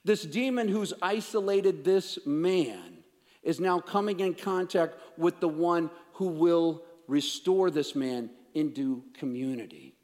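A man preaching a sermon, emphatic, swinging between raised declarations and hushed, intense passages. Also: fairly high pitch, slow. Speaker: pastor. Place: church sanctuary. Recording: long reverb of a large hall.

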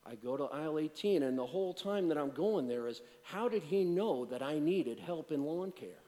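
A man preaching in a long-echoing hall, his voice sitting a little high for a man. He rises into emphatic, driving points, then drops to a hushed, joking, conversational storytelling tone. The warm humor is self-deprecating and plain-spoken. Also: animated, moderate pace. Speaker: pastor. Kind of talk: sermon with personal storytelling.

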